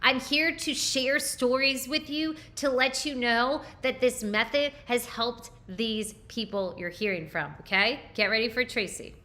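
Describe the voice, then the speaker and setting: A woman's voice: a little high, measured pace, hardly any pauses, sharp tone. A woman hosting a live nutrition training, coaching emphatically with rhetorical questions and frequent check-ins. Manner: emphatic, asks rhetorical questions and tags lines with "okay?".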